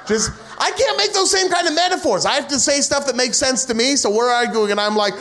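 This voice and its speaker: A young man from the United States works through a stand-up comedy set in a strikingly high voice. He rambles, mocks himself and launches into profane rants, acting out little scenes along the way. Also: animated, brisk, hardly any pauses, fairly bright tone, a little hiss or hum. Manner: rambling, self-mocking, profane rants with acted-out asides.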